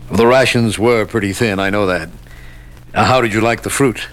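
An actor playing a chatty prison guard who talks in a casual, offhand way. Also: male voice, fairly low pitch, moderate pace, natural voice. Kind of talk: radio drama acting.

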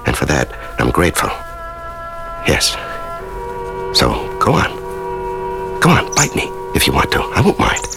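A shaken prisoner from a radio drama, stammering and halting. The voice is low and gravelly, with slow, drawn-out phrasing and wide swings in pitch. Music plays behind the voice. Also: male voice, huge pitch swings, exaggerated voice. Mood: pleading, tender. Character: prisoner long held in a dark cell, shaken.

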